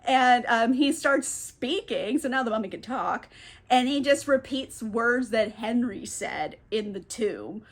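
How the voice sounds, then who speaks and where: A woman's voice: fairly high pitch, animated, unhurried. A woman recapping a novel in a casual, chatty, sarcastic way, swearing and laughing as she goes. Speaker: book reviewer.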